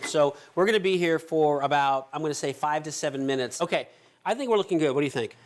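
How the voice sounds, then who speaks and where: A man's voice: a little high, quick pace, background noise. A man hosting a cooking show as the chef, chatty and upbeat, talking viewers through each step in a kitchen. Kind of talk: cooking demonstration.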